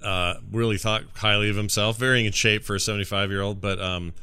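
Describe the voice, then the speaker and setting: A man, a player in a tabletop game, casually telling a relaxed anecdote. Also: fairly low pitch, fairly quick, smooth, dry recording. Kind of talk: casual chat.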